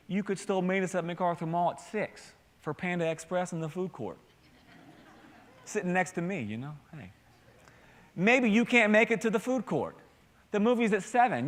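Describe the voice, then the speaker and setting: A man, a campus pastor, preaching a sermon in an earnest, conversational way with many restarts. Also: a little high. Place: church sanctuary. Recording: long hall reverb.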